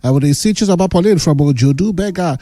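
A man's voice: fairly high pitch, fast talker, no echo. A middle-aged man with a Nigerian accent, hosting a casual radio show, reading out listener messages with teasing asides. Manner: teasing, animated, mixes in Pidgin. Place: radio studio.

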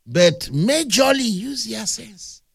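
A man with a Nigerian accent preaching a humorous, animated sermon that mixes storytelling with playful big words. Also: sits high, takes it slowly, gravelly, breathy edge, no echo, clean studio sound.

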